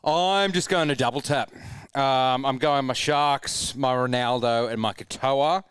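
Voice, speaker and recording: Laid-back man, smooth voice. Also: medium pitch, a little slow, a bit bright, dry recording, studio quality. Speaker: podcast co-host. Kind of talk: casual sports betting chat.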